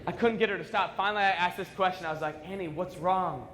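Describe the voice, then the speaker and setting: A man in his twenties, a motivational speaker, telling stories at a school assembly in an animated, conversational way with comic asides. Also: sits high, very fast, background noise. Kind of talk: school assembly keynote storytelling. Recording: echoey school hall reverb.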